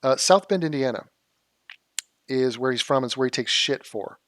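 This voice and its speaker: A man's voice: medium pitch, animated, normal speed, fairly bright tone. A man hosts a reaction commentary in a sarcastic, mocking tone. His exasperation spills into incredulous rhetorical questions. The sound is close and dry, with no room echo. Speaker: political commentary host. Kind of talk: reaction commentary on a debate clip.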